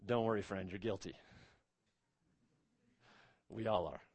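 A man preaching a sermon as pastor, speaking emphatically, rising on key words and dropping low and quiet on solemn points. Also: fairly even intonation, unhurried, no echo.

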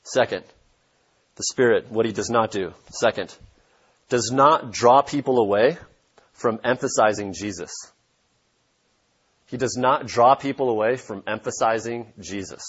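A man's voice: lowish voice, measured pace, pauses often, husky, dull audio. A man preaching a sermon as pastor, emphatic and repeating his key points for stress.

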